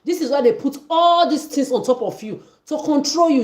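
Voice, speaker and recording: A woman's voice: sits high, animated, moderate pace, a little mellow. A woman delivering an angry, accusatory livestream rant, repeating herself as she goes. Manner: ranting, accusatory, repetitive.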